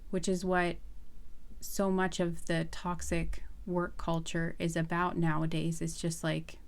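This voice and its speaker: A woman's voice: fairly low pitch, monotone, unhurried, gravelly. A woman giving a casual pick-a-card tarot reading to her viewers, chatty and earnest, with many fillers and restarts.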